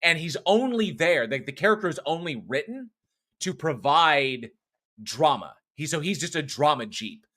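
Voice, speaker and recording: A man's voice: on the high side, sing-song, normal speed, bright, forceful tone. A man co-hosting a horror podcast, talking through a film review in a loose, rambling way, swearing often and restarting his sentences. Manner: rambling, profane, frequent restarts and fillers. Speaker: podcast co-host. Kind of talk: casual film review chat.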